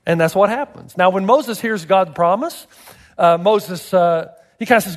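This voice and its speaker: A male pastor preaching with a high voice, animated and emphatic, pressing rhetorical questions on his listeners. His words ring through a church with long reverb. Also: moderate pace. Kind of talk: sermon.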